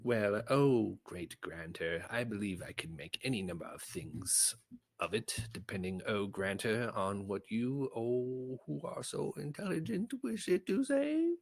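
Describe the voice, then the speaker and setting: A man voicing a sly, scheming old creature advisor with a raspy, fawning way of talking, in a storybook reading. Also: deep voice, measured pace, exaggerated voice. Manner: wheedling, fawning flattery.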